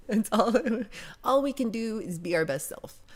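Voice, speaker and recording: A woman's voice: mid-range voice, lively intonation, measured pace. An American woman hosting a livestream, chatting casually and reading viewer comments aloud in a rambling way, with casual swearing. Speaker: livestream host.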